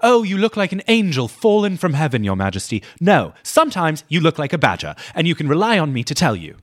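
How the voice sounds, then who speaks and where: A man putting on the voice of a haughty, blunt noblewoman in a shrill, mock-grand manner. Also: huge pitch swings, fairly quick, no room sound, studio quality. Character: haughty sharp-tongued noblewoman, blunt and cutting.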